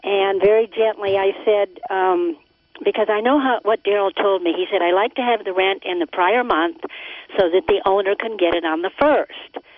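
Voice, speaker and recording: A woman's voice: medium pitch, normal speed, dry recording. A woman calling in to a radio show, telling her story in a chatty, earnest way. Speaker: caller. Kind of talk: phone-in conversation. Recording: tinny dry phone line.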